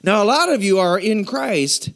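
A male pastor delivers a lively sermon in a notably high voice. His pitch leaps and dips constantly as he builds to emphatic, shouted affirmations, speaking to a church congregation. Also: moderate pace, vocal fry. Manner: animated, emphatic preaching with sudden shouted yeses.

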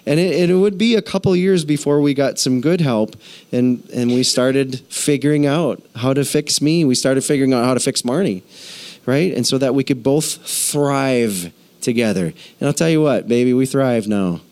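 A middle-aged pastor preaches a sermon at a moderate pace, telling his own story with candid, confessional honesty. His pitch swings lively and climbs higher whenever he gets emphatic.

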